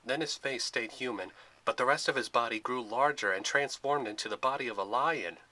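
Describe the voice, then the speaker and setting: Bright-voiced male storybook narrator. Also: mid-range voice, fairly quick, rough recording. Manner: steady, expressive reading.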